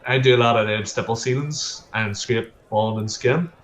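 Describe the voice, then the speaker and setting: A man's voice: mid-range voice, normal speed, a bit bright. A man with a Northern Irish accent, a plasterer chatting as a guest, telling stories and repeating words as he goes. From Northern Ireland. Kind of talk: casual interview chat. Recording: echoey room.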